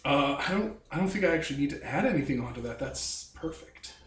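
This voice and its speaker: A man's voice: fairly high pitch, lively intonation, racing, fairly bright tone. A man running a tabletop game on a podcast, explaining things to listeners in a rambling way with casual swearing. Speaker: game master. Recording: echoey room with faint noise.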